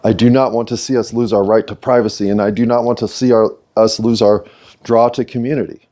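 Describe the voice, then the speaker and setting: With a fairly low, warm voice, brisk pace, and fairly even intonation, an American man hosts a solo podcast. He reflects in a rambling, philosophical manner and is quick to put himself down.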